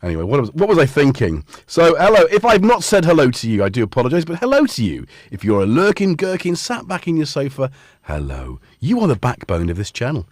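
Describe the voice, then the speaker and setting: A man's voice: mid-range voice, huge pitch swings, brisk, no room sound. A man hosting a casual livestream chat from a home studio, playful and joking with the viewers. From Scotland. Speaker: livestream host. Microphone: studio dynamic mic.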